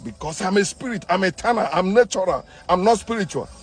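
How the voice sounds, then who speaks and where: A man with a high voice preaches his point hard, hammering the same phrases over and over and restarting mid-sentence. Faint music plays underneath him. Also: lively intonation, a little fast, breathy edge. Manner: forceful, preachy, repeats himself, stumbles and restarts. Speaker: online commentator. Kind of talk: impassioned monologue.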